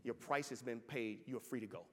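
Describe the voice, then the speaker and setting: A preacher voicing a grieving judge who speaks slowly and solemnly. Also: male voice, mid-range voice, long reverb tail, natural voice. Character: grieving judge, a stern older father.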